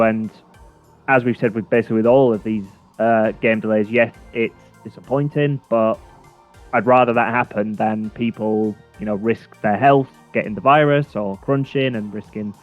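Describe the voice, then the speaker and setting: This games chat show co-host has a mid-range male voice, steady in tone and fairly quick in delivery. His casual talk wanders, full of fillers, false starts and little chuckles. Faint music plays under a dull, lo-fi recording.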